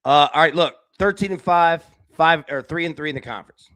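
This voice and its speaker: Animated man hosting a live betting show. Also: fairly quick, no echo. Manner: animated, swings between loud bursts and low asides; talks directly to chat viewers by name. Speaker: sports betting show host. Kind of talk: live sports betting talk show chat. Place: indoor room with a window.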